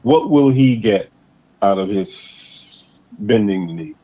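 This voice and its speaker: A man hosting a casual political chat show, talking in an animated way and stretching out words for emphasis. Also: on the low side. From Boston area. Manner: animated, drawn-out emphatic delivery. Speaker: podcast host. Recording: slightly dull lo-fi sound.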